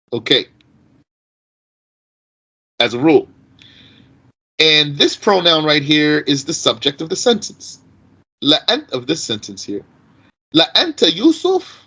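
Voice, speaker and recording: An animated man, teaching Arabic grammar and firing off rhetorical questions. His voice sits a little high, and its pitch swings widely as he stresses each point. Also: poor audio. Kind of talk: explanatory lesson.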